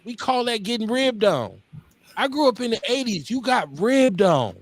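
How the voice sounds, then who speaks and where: Speaking at normal speed with an extremely high pitch, a forties-aged Milwaukee man hosts casual talk radio. He's an animated, blunt, swearing storyteller who performs the quotes of the people he mentions.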